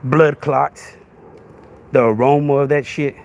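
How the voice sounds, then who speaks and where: A man's voice: mid-range voice, steady tone, slow pace, gravelly, a little mellow, slight background noise. A man, hosting a podcast livestream with a crude, confrontational rant that keeps asking "right?". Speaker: podcast host.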